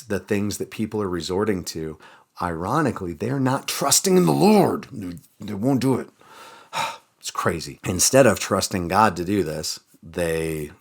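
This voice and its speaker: A man hosting a daily Bible reading, retelling the stories casually and slipping into lively quoted voices. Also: low voice. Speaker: church Bible reading host.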